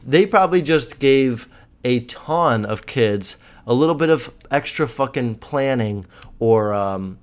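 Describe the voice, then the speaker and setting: A young man hosts his own podcast alone, ranting in a loose, rambling way. He swears constantly and speaks bluntly. His voice sits at an ordinary middle pitch. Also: lively intonation, unhurried, smooth. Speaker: podcast host. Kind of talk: casual solo podcast rant.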